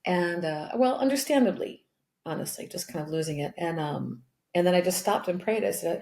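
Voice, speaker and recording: A woman's voice: on the low side, expressive, brisk, gravelly, a little mellow, roomy sound. A middle-aged woman, a coach being interviewed, telling a personal story candidly and emotionally, with many restarts and laughs. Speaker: guest, empowerment coach.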